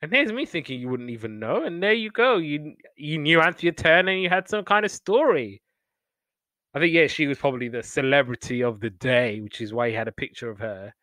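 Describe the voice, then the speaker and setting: A young man hosting a casual podcast chat rambles through memories of old TV shows, slipping into playful quoted voices. His smooth, resonant voice sits on the high side with a sharp tone, expressive and a little fast, recorded close and dry with no room sound.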